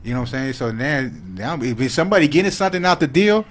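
A man speaking, talking in a loose, casual podcast chat that turns animated when he gets excited. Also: medium pitch, fast talker. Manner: laid-back street slang, animated when excited. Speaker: social media creator, podcast guest.

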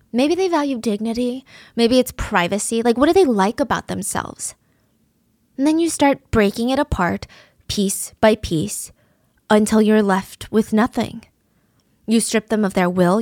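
Lady storyteller, kinda high voice, chatty and dramatic, dead dry sound. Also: darkish tone, no echo. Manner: conversational, vivid, drops to a whisper at times. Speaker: true crime storyteller.

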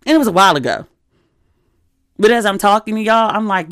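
A woman's voice: medium pitch, very animated, fairly quick, no room sound, studio quality. A woman in her thirties hosting a podcast, telling candid stories in a casual chatty way with plenty of asides. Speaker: podcast host. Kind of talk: casual chat.

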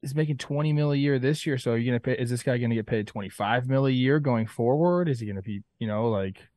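A man's voice: medium pitch, quick pace, dark tone, no room sound. A man co-hosting a casual sports podcast, rambling in a laid-back way. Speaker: podcast co-host.

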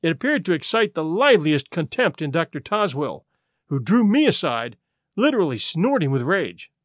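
Man reading a story, high lively voice, dry close sound. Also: normal speed, no room sound. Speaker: audiobook narrator. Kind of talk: scripted first-person narration.

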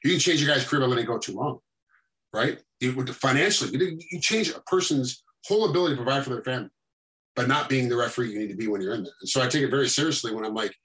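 Fast, bright-voiced referee man. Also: medium pitch, rough recording. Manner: animated storytelling, acting out quotes. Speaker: MMA referee, guest. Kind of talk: casual podcast chat.

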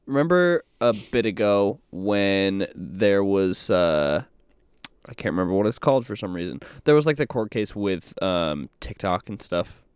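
Recorded dry and at studio quality, this Portland, Maine podcast co-host has a lowish, slightly mellow voice that sounds clear and resonant. His casual talk is rambling and halting, full of fillers and restarts.

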